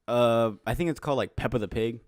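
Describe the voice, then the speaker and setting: A man co-hosting a podcast, talking in loose, rambling casual chat full of fillers and curse words. His voice sits at an ordinary middle pitch. It is recorded dry and close. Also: quick pace, smooth, dry recording. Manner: rambling, swears a lot, many fillers. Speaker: podcast co-host.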